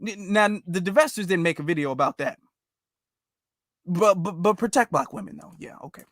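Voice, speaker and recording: A man hosts a commentary video in a high, expressive, somewhat bright voice, speaking a little fast. He reacts to clips with emphatic rhetorical questions, rambling along with lots of fillers and restarts. The studio-quality audio has no echo.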